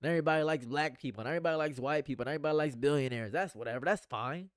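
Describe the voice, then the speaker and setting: A man streaming a rambling, earnest monologue, going from hushed to excited and repeating his phrases. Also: on the high side, rapid-fire, no echo, clean studio sound. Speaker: commentary streamer.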